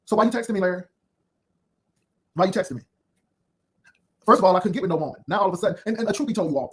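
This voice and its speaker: A man with a notably high voice rattles off sassy, cutting commentary at a breakneck clip. He rambles from one put-down to the next as he hosts his own video. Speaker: YouTube commentary host. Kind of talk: unscripted drama commentary.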